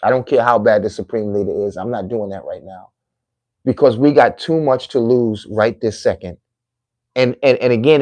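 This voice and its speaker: A man's voice: medium pitch, a little mellow, no echo. Middle-aged man preaching to viewers. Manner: preachy, emphatic, repetitive phrasing. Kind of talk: heartfelt monologue to viewers.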